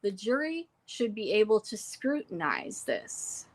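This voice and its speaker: A young adult woman casually recapping courtroom notes from home, reading quotes and adding quick asides. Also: mid-range voice, big pitch swings. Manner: reads court quotes then adds asides. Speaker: trial reporter. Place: home room with pets.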